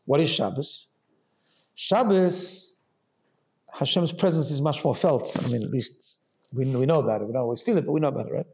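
A man's voice: mid-range voice, moderate pace, darkish tone. A man giving a Chassidic Torah class, explaining ideas with rhetorical questions and frequent Hebrew terms. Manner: explanatory, asks rhetorical "right?" often, mixes Hebrew phrases. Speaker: Torah teacher.

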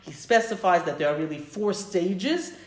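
A woman's voice: lowish voice, lively intonation, normal speed. A woman religious teacher explaining a prayer and telling a story, enthusiastic and thinking aloud as she corrects herself. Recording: roomy echo.

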